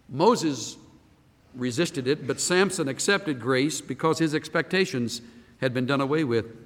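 Brief: male preacher, lively and fairly high voice, sermon with rhetorical questions, long reverb hall. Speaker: pastor.

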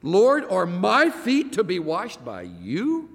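A man's voice: extremely high pitch, very animated, slow, bright, forceful tone, big-room sound, pitched above the performer's own voice, full character voice. A man voicing a proud, impulsive male disciple who protests emphatically. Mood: indignant.

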